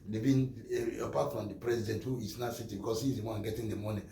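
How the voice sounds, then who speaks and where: A Nigerian man delivers impassioned commentary, hammering points home through repetition. His voice has a gravelly rasp. The room is echoey, with faint ambient noise behind him. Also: on the low side, fairly even intonation, fast talker, mellow. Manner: emphatic, repeats phrases, acts out dialogues.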